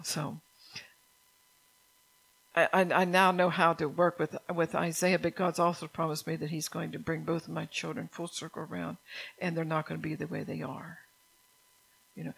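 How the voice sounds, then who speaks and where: Older woman with a gravelly low voice. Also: little pitch movement, moderate pace, fairly bright tone, rough recording. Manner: earnest, conversational, repeats key phrases. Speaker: church speaker. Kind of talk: sermon mixed with personal testimony.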